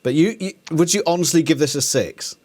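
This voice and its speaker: A man's voice: a little high, a little fast, darkish tone, breathy edge. A man hosting a casual podcast, teasing his guests, swearing bluntly and laughing often. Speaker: podcast host.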